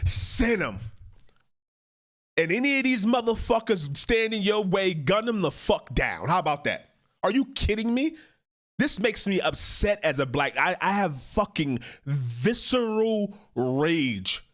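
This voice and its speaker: A man's voice: high-pitched, big pitch swings, measured pace, a bit bright. A man hosting a reaction commentary, talking in a profane, emphatic and indignant way. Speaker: host, commentator.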